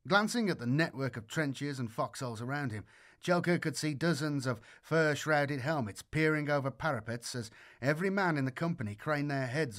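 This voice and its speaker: A man giving a measured, scripted audiobook narration of a war story. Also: a little high, a bit bright.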